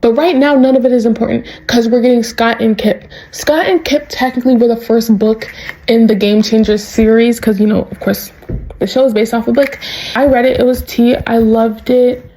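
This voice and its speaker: A young woman vlogger recapping a show in casual chat. She is excitable and laughs often, with lots of "like" and "bro.". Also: on the high side, moderate pace, low-quality recording.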